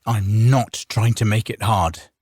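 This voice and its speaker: A man playing a shouting, defiant farmer. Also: lowish voice, fairly even intonation, takes it slowly, breathy edge, no echo, clean studio sound. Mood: strained. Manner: shouting, stubborn, blustering. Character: defiant hot-tempered male farmer. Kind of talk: audiobook character voice.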